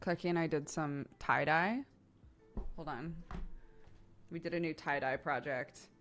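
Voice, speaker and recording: A woman's voice: low-pitched, unhurried, soft background music. A woman, chatting casually on a live stream and telling family stories, laughing often and acting out other people's lines. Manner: animated storyteller, laughing often, acts out relatives' lines.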